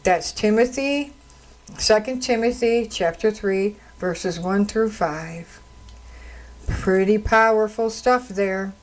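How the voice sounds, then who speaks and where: A woman's voice: medium pitch, slow, rough recording. A woman radio host and counselor talking on her own into a studio microphone, telling stories in an indignant, conversational way. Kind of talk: solo radio talk commentary.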